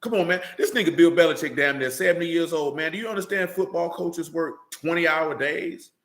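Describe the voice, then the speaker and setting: A man's voice: fairly high pitch, brisk, a bit bright, echoey room. A man preaching in a blunt, profane street-slang manner, often asking "you know what I'm saying.". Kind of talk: streamed sermon-style rant.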